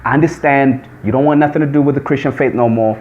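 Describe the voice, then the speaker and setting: A man's voice: mid-range voice, fast talker, lightly acted. A man voicing a young woman who insistently coaxes a friend to walk with her. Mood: pleading. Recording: dull lo-fi recording.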